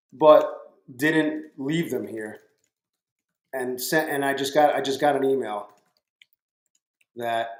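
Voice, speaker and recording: A man hosting a casual live stream from home, talking to his viewers by name and swearing freely. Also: medium pitch. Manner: profane, talks to chat viewers by name. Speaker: livestream trading host. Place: home room. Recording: roomy echo.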